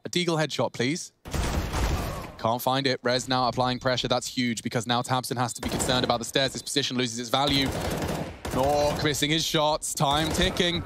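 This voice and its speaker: A man commentating live esports play-by-play, chatty and excitable, lifting his voice on big plays. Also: medium pitch, normal speed. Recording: clear background clicking noise.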